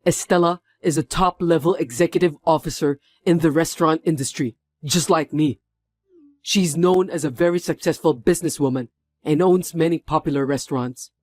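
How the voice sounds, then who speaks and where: A man's voice: on the high side, moderate pace, a little mellow, no room sound, natural voice. A man voicing a company executive who sternly scolds someone for her cruelty in a drama. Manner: stern, reproachful.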